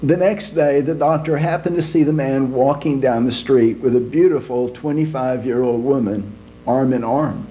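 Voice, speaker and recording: A man telling jokes in a folksy, unhurried storytelling manner. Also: medium pitch, steady tone, mellow. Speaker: joke teller. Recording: dull lo-fi home recording with faint hum.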